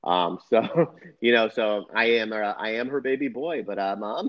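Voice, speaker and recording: A man's voice: fairly low pitch, normal speed. Rambling man in his thirties, dull sound. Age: 30s. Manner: rambling, repeats himself. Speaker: podcast co-host. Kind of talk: casual chat.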